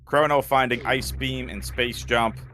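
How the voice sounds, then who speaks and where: A man's voice: mid-range voice, steady tone, a little slow, bright, forceful tone, a little hiss or hum. A man from New England doing casual live commentary on a speedrun race, chatty and joking, laughing often. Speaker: game commentator.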